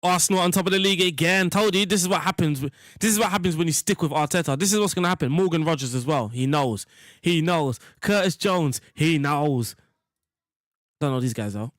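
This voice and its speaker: A man's voice: a little high, fairly quick, fairly bright tone, no echo, studio quality. A young man giving rambling, jokey commentary while playing a football management game. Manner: rambling, jokey, talks to chat. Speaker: gaming streamer. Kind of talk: casual gameplay commentary.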